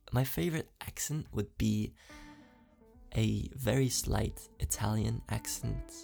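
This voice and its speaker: A man's voice: on the low side, creaky, darkish tone. A man with a slight foreign accent, an ASMR creator answering fan questions in casual, chatty talk with lots of fillers and giggles.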